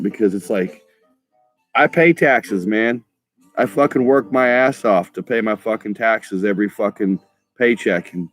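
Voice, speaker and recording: In a heated, profane vlog monologue, a man rants in a laid-back stoner drawl, frequently stumbling over words and starting again. His voice sits on the low side.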